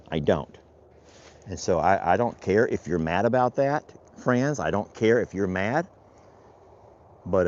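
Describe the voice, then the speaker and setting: Here a rancher's low, slightly mellow voice narrates a casual vlog as he works through his outdoor chores. His talk is folksy and meandering, and he speaks to his animals along the way, captured on a dull, lo-fi outdoor recording.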